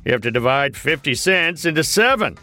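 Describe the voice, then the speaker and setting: A man's voice: fairly high pitch, sing-song, fairly quick, bright, forceful tone, soft background music. An actor playing a grumpy, impatient adult man who curtly explains math in a cartoon. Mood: lecturing. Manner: impatient, curt, know-it-all. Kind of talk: cartoon voice acting.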